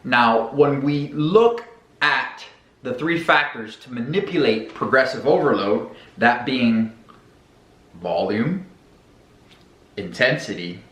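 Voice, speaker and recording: A man hosting a fitness channel who explains training science in a jokey, profane, animated way. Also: mid-range voice, slow, pauses often. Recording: echoey room.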